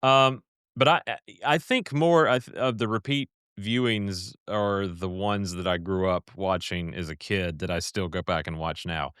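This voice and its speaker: A man's voice: deep voice, steady tone, unhurried, fairly bright tone, smooth, dry recording, clean studio sound. A man hosting a casual chat, playfully dramatic with bursts of mock outrage. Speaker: podcast host.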